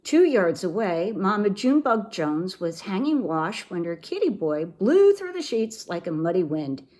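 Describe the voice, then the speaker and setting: A woman reading a children's picture book aloud, expressive and animated. Her pitch sits in the middle but rises and falls with lively range. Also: measured pace. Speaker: storybook reader for children.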